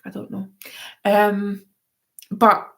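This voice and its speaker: Slow, chatty woman reading tarot. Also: mid-range voice, monotone, creaky. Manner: chatty, rambling, goes off on tangents. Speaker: tarot reader. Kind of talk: live-stream tarot reading.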